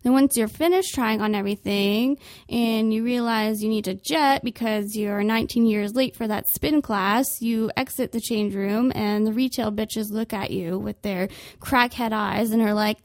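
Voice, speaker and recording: A woman's voice: on the high side, normal speed, no room sound, studio quality. Sarcastic young woman telling comic stories. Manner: sarcastic, animated storytelling. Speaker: podcast host. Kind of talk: comedic monologue. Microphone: podcast microphone.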